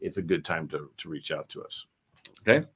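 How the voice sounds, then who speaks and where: A man's voice: a bass voice, animated, fairly quick, a bit bright, slightly rough. A man hosting a live stream, chatting casually and rambling with many fillers and restarts. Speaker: host.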